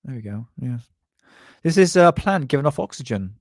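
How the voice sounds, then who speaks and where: An English man hosts a casual livestream chat, rambling and poking fun at himself and others. His voice sits in a middle pitch. The sound is dry and close, with no room around it. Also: sing-song, moderate pace, a little mellow, dry recording. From England. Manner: rambling, self-deprecating, sarcastic. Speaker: host.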